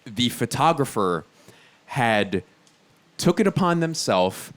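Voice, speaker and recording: A man in his thirties from Philadelphia doing a stand-up comedy set on stage, animated and often leaping into shrieking high voices for his bits. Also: slow pace. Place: theater stage before a live audience. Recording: live show with loud audience noise.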